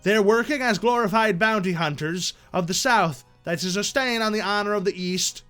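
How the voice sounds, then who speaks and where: Man putting on a pleading noble courtier, theatrical and raised, high voice, faint music behind. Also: moderate pace, pushed and bright. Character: pleading male noble petitioning a king.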